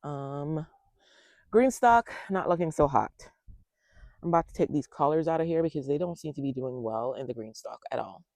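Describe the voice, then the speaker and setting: Gravelly-voiced man chatting on a garden tour. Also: on the high side, moderate pace, a little mellow, dry recording, studio quality. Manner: chatty, talks straight to viewers and thinks aloud. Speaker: home gardener giving a tour. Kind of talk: casual garden tour vlog. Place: outdoor backyard garden.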